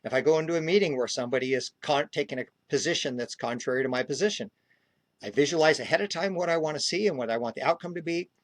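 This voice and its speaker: A man who is a guest on a podcast, telling a personal story in a calm, earnest way. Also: a little high, fast, no room sound. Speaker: podcast guest, spiritual speaker.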